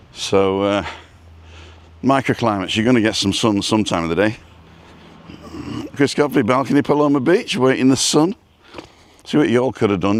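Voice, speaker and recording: A man hosting a live stream, chatting casually and rambling while he walks outdoors, talking into a phone on a selfie stick and greeting viewers by name. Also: mid-range voice. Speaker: vlog host. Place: outdoors, walking down a street.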